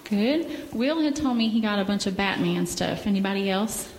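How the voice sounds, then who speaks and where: A woman gently reading a picture book aloud to children in church, pausing to ask them questions. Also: mid-range voice, lively intonation. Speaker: children's story leader. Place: church sanctuary. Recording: echoey hall with faint ambience.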